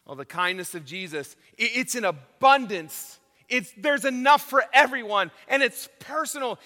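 A man preaching a sermon as pastor, emphatic, dropping to a hush and then rising loud. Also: extremely high pitch, long reverb tail.

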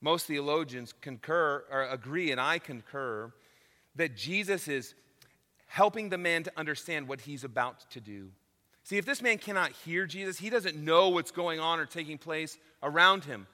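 A man preaching a sermon as pastor, emphatic, dropping to a hush and then rising loud. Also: on the high side, expressive, normal speed, big-room sound.

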